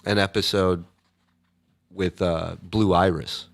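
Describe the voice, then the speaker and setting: A man's voice: level tone, slow, vocal fry, no room sound. Profane streamer man, dry close sound. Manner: loose and profane, jumps into loud high impressions. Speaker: livestream host reading viewer messages. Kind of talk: casual chat.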